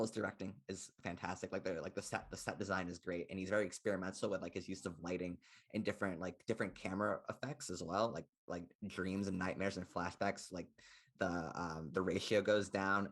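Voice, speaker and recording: Young male podcast co-host, low voice, rapid rambling delivery. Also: fairly even intonation, slightly rough. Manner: rambling, heavy use of "like" fillers. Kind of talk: casual film chat.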